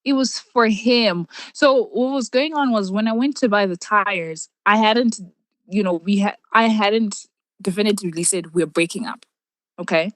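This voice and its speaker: Young woman guest, animated storyteller, laughs a lot, dry close sound. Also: medium pitch, moderate pace, dry recording. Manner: animated, laughs often, restarts sentences. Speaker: podcast guest. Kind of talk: candid storytelling in conversation.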